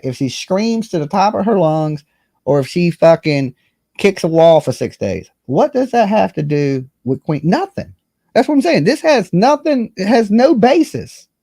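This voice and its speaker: A man's voice: fairly high pitch, gravelly, mellow, dry recording, clean studio sound. A man co-hosting a casual commentary show, blunt and exasperated, cursing often. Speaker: co-host.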